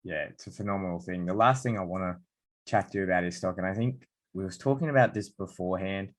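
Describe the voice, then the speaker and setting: A man's voice: low voice, no room sound. A man hosting a podcast interview, telling stories in a casual, enthusiastic way. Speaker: podcast host. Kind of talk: conversational interview.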